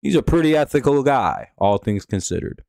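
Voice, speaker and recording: A man's voice: medium pitch, big pitch swings, brisk, creaky, darkish tone, no echo, studio quality. Profane rambling man on a live stream. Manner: profane, rambling, with many fillers and restarts. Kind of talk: casual live-stream commentary.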